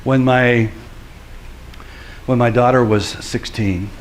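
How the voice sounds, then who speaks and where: A middle-aged man, a pastor, giving a sermon in an earnest storytelling way that builds to forceful preaching. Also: mid-range voice, steady tone, slow pace, a little hiss or hum.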